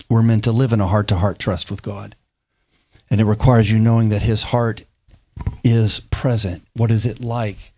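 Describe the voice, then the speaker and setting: Animated man preaching a sermon. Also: lowish voice, unhurried, long pauses. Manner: animated, acts out biblical dialogue in playful voices.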